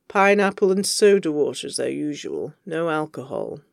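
A reader voicing a sardonic, world-weary man, deadpan and teasing, in a fan fiction audio reading. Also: medium pitch, normal speed, gravelly, no echo, clean studio sound, voice pushed down. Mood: dry teasing.

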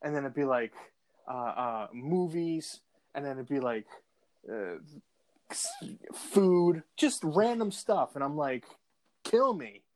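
On a podcast, a male co-host chats casually, rambling with plenty of fillers and restarts and slipping into voices and impressions. His pitch is fairly high, his delivery expressive and slow, with a slightly mellow quality.

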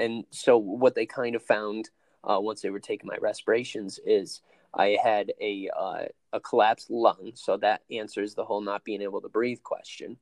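A young man in his twenties telling the story of his accident in an interview, halting and full of fillers and restarts. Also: on the low side, steady tone, vocal fry, no room sound. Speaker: interview guest.

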